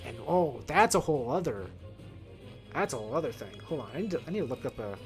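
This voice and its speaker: A man's voice: mid-range voice, very animated, fast. A man talking casually while playing a video game, rambling and correcting himself as he thinks aloud, wearing headphones. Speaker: video game streamer reviewing films. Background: faint game music.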